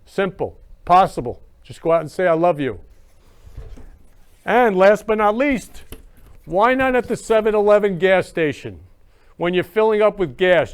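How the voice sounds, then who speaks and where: A man's voice: sits high, expressive, unhurried, clean tone. A man hosting a talk show, gushing and repetitive, talking in a casual monologue. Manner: effusive and repetitive, gushing about love. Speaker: show host.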